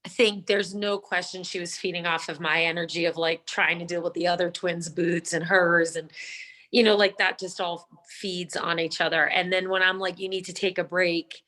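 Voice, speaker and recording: A woman's voice: lowish voice, level tone, normal speed, sharp tone. A woman and mother telling a coaching group about a hard moment, chatty and full of fillers. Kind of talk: casual group discussion.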